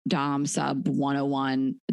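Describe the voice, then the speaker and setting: A woman with a low voice co-hosts the podcast. She speaks slowly and gropes for her questions. The room sounds dry. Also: monotone, gravelly, darkish tone, no room sound. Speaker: podcast co-host. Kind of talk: casual podcast interview.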